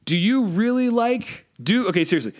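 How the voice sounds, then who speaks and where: A man's voice: high voice, normal speed. A man co-hosting a podcast in crude, joking casual banter, swearing freely. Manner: profane, joking, lively. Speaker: podcast co-host.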